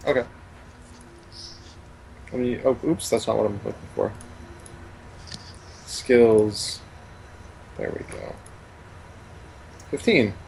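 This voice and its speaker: A man with a mid-pitched voice plays in a tabletop game, hesitating and asking question after question about the scene. Faint noise sits behind him. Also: slow pace, gravelly, long pauses, darkish tone, low-quality recording. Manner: hesitant, asks lots of questions. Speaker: player.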